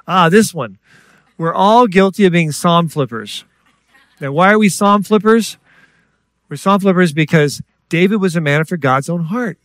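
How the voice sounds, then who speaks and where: A man preaching a sermon in a lively storytelling way, acting out voices and joking with the congregation. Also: high-pitched, moderate pace, dry recording. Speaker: guest preacher. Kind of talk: sermon with stories.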